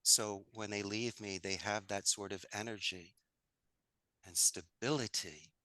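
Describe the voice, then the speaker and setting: A man's voice: on the low side, a little slow, bright, forceful tone, dry recording. A man talking as an interview guest about running his business and giving motivational advice, with an enthusiastic, coaching manner. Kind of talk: casual interview chat.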